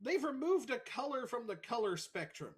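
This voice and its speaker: A woman with a slightly husky voice and a lively, swinging pitch leads the group as storyteller. She makes playful, mock-grand announcements. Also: moderate pace. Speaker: game storyteller. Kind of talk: joking moderator chat.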